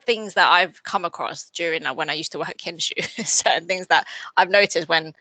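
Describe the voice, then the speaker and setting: A woman's voice: lowish voice, moderate pace, sharp tone, no room sound. A young woman co-hosting a podcast, chatting casually with a blunt, sweary humour. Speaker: podcast co-host. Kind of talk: casual chat.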